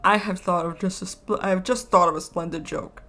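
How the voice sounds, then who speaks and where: Brief: woman reading sulky, blustering Edwardian-style dad, grumbling with a gravelly edge. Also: on the low side, fairly even intonation, fairly quick, sharp tone, soft background music. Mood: wheedling. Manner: blustering and petulant. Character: pompous, sulky middle-aged father.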